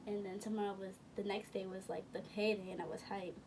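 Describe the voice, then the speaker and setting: A woman's voice: mid-range voice, little pitch movement, quick pace, a little mellow. A young woman telling a casual storytime, rambling and correcting herself as she goes, full of slang. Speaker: vlogger. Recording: from a distance with faint room noise.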